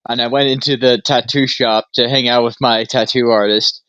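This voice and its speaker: A man's voice: mid-range voice, fairly even intonation, moderate pace, fairly bright tone, clear, resonant tone, dry recording, dull audio. Rambling young man telling stories. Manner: rambling storyteller, laughs often, acts out quotes. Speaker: podcast co-host. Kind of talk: casual stoned chat.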